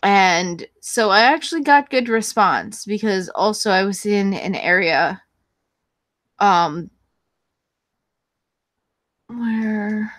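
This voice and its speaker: A woman's voice: mid-range voice, slow, long pauses, fairly bright tone, no echo. A woman hosting her own channel, chatting casually with viewers in a rambling, blunt and profane way, full of fillers and restarts. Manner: frequent fillers and self-corrections. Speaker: YouTube channel host. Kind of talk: casual chat answering viewers.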